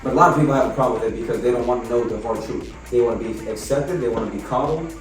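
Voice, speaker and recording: A man's voice: mid-range voice, very fast. A man hosting a podcast, talking bluntly and emphatically with plenty of swearing. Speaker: podcast host. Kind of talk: casual podcast chat. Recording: echoey room, mic far off, faint music.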